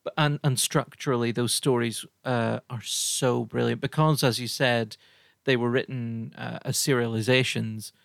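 A man's voice: medium pitch, steady tone, moderate pace, gravelly, a bit bright, dry recording, clean studio sound. A man hosting an interview podcast who talks enthusiastically and agrees often with his guest. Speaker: podcast host. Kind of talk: casual interview chat.

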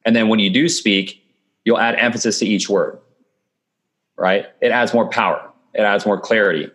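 A man with a fairly low voice speaks over a remote call. He coaches with calm confidence and often checks in with his listener. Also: normal speed. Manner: confident, coaching tone with frequent "okay" and "right". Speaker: guest. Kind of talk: remote podcast interview. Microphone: video call.

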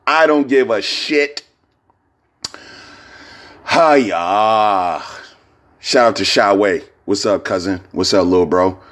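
A hungover man rambling in a casual vlog, profane and laughing, sending shout-outs. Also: on the low side, slow pace, long pauses.

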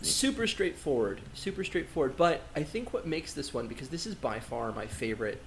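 A man co-hosting a podcast in casual chat, animated, with many fillers and laughs. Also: on the high side, fairly quick, vocal fry, slight background noise. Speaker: podcast co-host.

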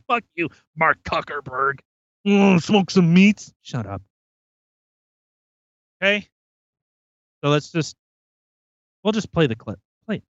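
A man's voice: medium pitch, a bit bright, smooth, dry recording, lo-fi sound. A man hosting a podcast, ranting casually with profanity and rambling repeats. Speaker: podcast host.

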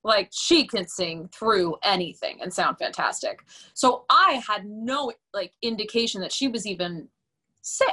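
Bright, chatty young woman telling a story. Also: mid-range voice, measured pace. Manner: animated and chatty, many fillers, laughs often. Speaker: podcast guest, musical theater performer. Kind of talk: casual interview storytelling.

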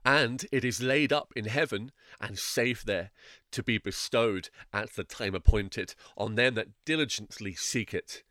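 A man's voice: mid-range voice, a little slow, fairly bright tone, dry recording, clean studio sound, natural voice. A man voicing an anxious, burdened male pilgrim who pleads in solemn, old-fashioned speech. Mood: pleading. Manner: solemn, archaic phrasing.

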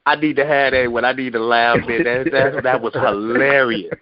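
A man's voice: mid-range voice, steady tone, moderate pace, dull audio, over a noisy crowd. A man hosting an online poetry radio show, chatting casually and laughing helplessly between exclamations. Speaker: show host.

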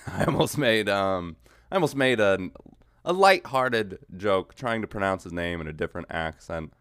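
Male podcast host, animated comic riffing, dry close mic. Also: low voice, no echo. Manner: rambling, swearing, mocking riffs. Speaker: podcast host reacting to clips. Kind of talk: casual comedic commentary.

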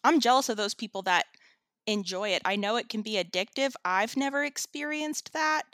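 A woman's voice: on the high side, normal speed, a bit bright, no echo. A woman hosting a podcast in casual chat, telling wry, self-deprecating stories. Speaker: podcast host.

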